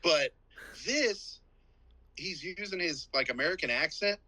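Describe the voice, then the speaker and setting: Bright, animated man rambling about movies. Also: fairly high pitch, measured pace, dry recording, low-quality recording. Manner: rambling, many "like" fillers, acts out scenes. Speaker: podcast co-host. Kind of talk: casual movie-review chat.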